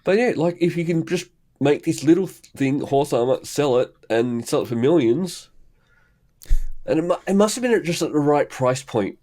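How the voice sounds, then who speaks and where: A man's voice: on the high side, expressive, moderate pace, a little mellow. A man co-hosting a podcast in casual chat, laid-back and answering mostly with short agreements. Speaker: podcast co-host.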